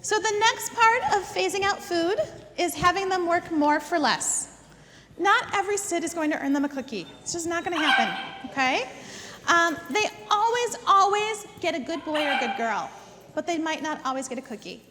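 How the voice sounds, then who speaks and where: A woman's voice: extremely high pitch, animated, moderate pace, long reverb tail, very noisy. A woman teaching a dog training class. She gives step-by-step instructions, repeats words for emphasis and often checks in with "okay?". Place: indoor dog training facility.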